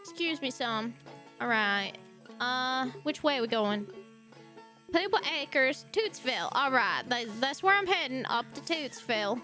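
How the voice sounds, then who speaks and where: A woman's voice: high-pitched, animated, unhurried, pushed and bright. A woman game streamer chatting casually and giggling with her viewers while she plays. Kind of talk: casual live-stream chat. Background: faint game music.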